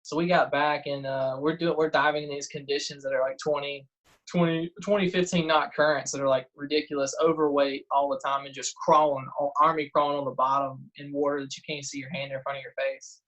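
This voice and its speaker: A man, a guest in a casual interview, telling lively stories and acting out quotes. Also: on the high side, fairly quick, lo-fi sound. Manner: animated storyteller, acts out quotes, frequent "uh" and laughs. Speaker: guest diver and detectorist.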